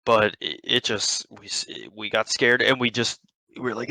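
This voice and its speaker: With a medium-pitched voice and a sharp tone, a young podcast host delivers a rambling, profane story at a moderate pace, restarting again and again. The recording is low quality and has no room sound.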